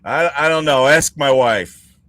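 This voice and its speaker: A man's voice: medium pitch, unhurried, a bit bright, no echo. Joking, crude man, dry close sound. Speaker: guest. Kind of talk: casual football fan chat.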